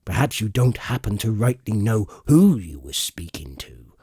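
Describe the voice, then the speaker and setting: A man voicing a gruff old sea-cook pirate. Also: fairly low pitch, big pitch swings, dark tone, dry recording, studio quality. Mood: gruff, commanding. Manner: gruff rolling pirate talk, slow and emphatic. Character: genial cunning one-legged sea cook, middle-aged man.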